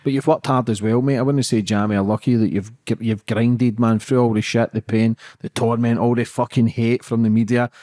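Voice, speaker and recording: A man's voice: mid-range voice, steady tone, fairly quick, hardly any pauses, dark tone, no room sound, studio quality. A man interviewing casually, blunt and supportive and swearing freely.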